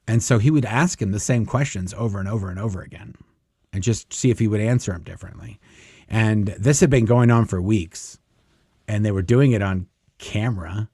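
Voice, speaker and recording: Rambling through a long personal tale with lots of fillers, a guest storyteller acts out the lines of other people. He's a man with a fairly low, mellow, slightly rough voice, talking a little fast, recorded in clean studio sound without echo.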